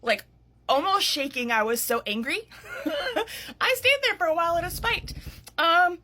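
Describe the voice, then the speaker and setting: A woman in her thirties, an author, retelling a story in an indignant, animated vlog style, still worked up. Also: extremely high pitch, unhurried. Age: 30s.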